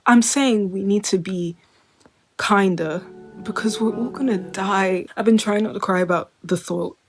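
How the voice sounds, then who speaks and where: A woman's voice: medium pitch, unhurried. Twenties girl rambling to her camera, says like constantly, half joking half serious, normal mid voice. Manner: rambling, lots of filler "like", drifting between wry and earnest. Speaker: vlogger. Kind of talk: casual monologue to camera.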